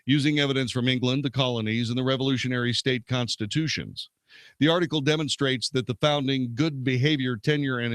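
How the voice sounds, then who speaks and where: Reading legal passages on his show and adding commentary, this male host keeps a steady pace while occasionally tripping over words and fixing them. The voice sits at medium pitch with a slightly bright tone, and the recording has no room sound.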